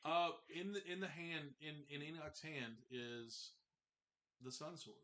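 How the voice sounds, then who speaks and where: A man's voice: fairly high pitch, unhurried, a bit bright. A man running a tabletop game as game master over a video call, often restarting and repeating words as he narrates.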